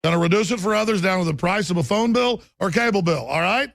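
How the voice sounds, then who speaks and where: A man mimicking a smooth, folksy male politician in a breezy, dismissive way. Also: high-pitched, fast, a bit bright, no echo. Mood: mocking.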